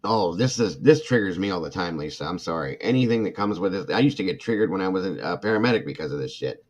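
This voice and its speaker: A man's voice: sits low, lively intonation, fast talker. A middle-aged man hosting a true crime livestream, ranting with indignant passion, reading comments from chat and apologizing between outbursts. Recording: dull lo-fi sound.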